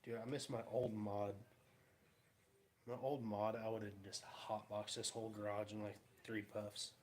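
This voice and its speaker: A man's voice: lowish voice, little pitch movement, unhurried, slight background noise. A young man casually telling rambling, laughing stories in his garage and acting out the quotes. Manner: rambling, laughing storyteller who acts out quotes. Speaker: vlogger. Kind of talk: casual storytelling. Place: home garage.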